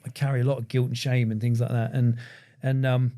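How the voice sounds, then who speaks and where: A man's voice: mid-range voice, flat delivery, mellow. Reflective man in his forties. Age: 40s. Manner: halting, many restarts and fillers. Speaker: podcast guest, agency founder. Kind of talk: reflective conversation.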